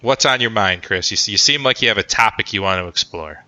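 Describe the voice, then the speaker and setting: A man's voice: on the low side, a little fast, sharp tone, no echo. A man hosting a casual sports podcast, joking and rambling with lots of fillers. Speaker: podcast host. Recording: dull lo-fi sound.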